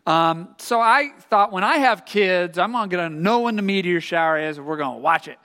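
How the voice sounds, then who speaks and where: A middle-aged man preaching a sermon, an animated storyteller who acts out the voices in his story. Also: sits high, moderate pace, clear, resonant tone, in a large hall. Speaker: pastor. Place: church sanctuary.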